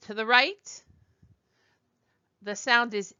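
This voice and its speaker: A woman teaching a beginner French lesson, speaking slowly and deliberately and repeating words for learners. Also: mid-range voice, sharp tone, clean tone, no room sound, dull audio.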